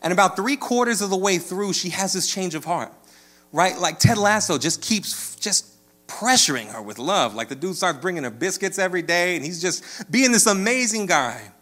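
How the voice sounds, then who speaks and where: A man preaching a sermon, conversational and checking in with "right?", rising to animated storytelling. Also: high-pitched, normal speed. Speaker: pastor.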